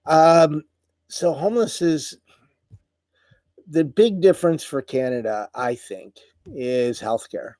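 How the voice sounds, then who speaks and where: A middle-aged man hosting a casual livestream, greeting viewers and talking haltingly with many pauses, tired and emotional. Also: a little high, mellow, dry recording. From United States. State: tired, voice wearing out. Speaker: livestream host. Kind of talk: casual live chat reading viewer comments.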